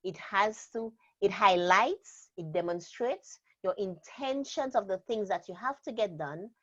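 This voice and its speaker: A woman trainer explaining a method in an interview, speaking deliberately and stressing key words. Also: medium pitch, animated, a bit bright. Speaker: productivity trainer. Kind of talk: instructional interview talk. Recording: slightly dull lo-fi sound.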